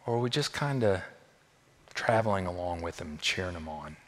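A male pastor preaching a sermon in a church, with emphatic repeated phrases and sudden swings between quiet and loud. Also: low voice, lively intonation, normal speed. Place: church sanctuary. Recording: long echo of a large hall.

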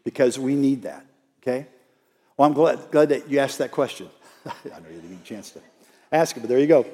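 Speaking a little fast in a mellow, medium-pitched voice, a middle-aged pastor delivers a sermon in the church sanctuary. His style is conversational and emphatic, full of rhetorical questions, with the long echo of a big hall behind him.

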